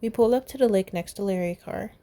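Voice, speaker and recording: A woman's voice: mid-range voice, quick pace, mellow. A young woman reading a fan story aloud, voicing the characters in her own voice and laughing and commenting along the way. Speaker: fan fiction reader.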